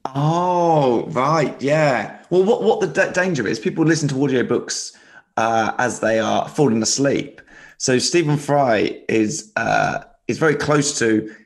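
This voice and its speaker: A man's voice: medium pitch, a little slow. Easygoing man podcast co-host. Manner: easygoing, asks questions, chuckles. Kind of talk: casual chat.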